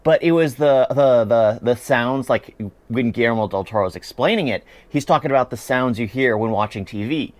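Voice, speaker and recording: A man's voice: mid-range voice, normal speed, dry recording. A man giving a chatty, opinionated spoken review of a series, often laughing as he talks.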